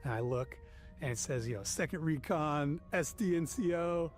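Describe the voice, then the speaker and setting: This is a middle-aged man telling a long story from his military days in a loose, profane, animated way. His voice sits a little higher than most men's. He keeps slipping into the voices of the people he describes, and faint music plays behind him. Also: moderate pace. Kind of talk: casual storytelling.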